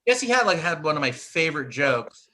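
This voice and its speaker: A man doing stand-up bits as a comedy guest, animated and profane, mocking himself as he goes. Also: fairly high pitch, moderate pace. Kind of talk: stand-up bits on a live show.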